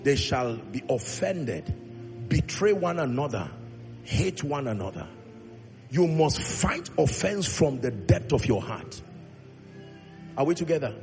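A man's voice: mid-range voice, big pitch swings, takes it slowly, long pauses, a little mellow. A male pastor preaching a sermon with emphatic delivery, acting out Bible dialogue in his own voice. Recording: long reverb in a large hall, faint music.

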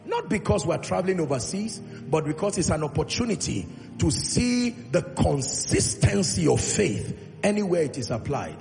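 A pastor preaches with a slightly high, gravelly voice, leading the congregation in call-and-response. He stretches key phrases out slowly and climbs to loud, emphatic peaks. His voice rings through a large church hall with a long echo and faint music underneath. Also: sing-song. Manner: drawn-out, slow emphatic delivery on key points. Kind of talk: sermon.

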